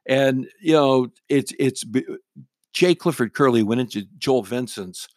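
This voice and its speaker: A man's voice: medium pitch, a little mellow, no echo, studio quality. A middle-aged man, a radio talk show host, telling a story casually in a blunt, wry and irreverent way.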